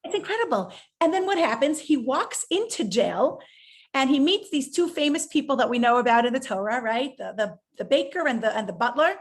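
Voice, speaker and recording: Woman, high-pitched, inspirational speaker, animated storytelling. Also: brisk. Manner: animated storytelling, acts out quoted voices. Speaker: rebbetzin, guest speaker. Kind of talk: inspirational talk in an interview.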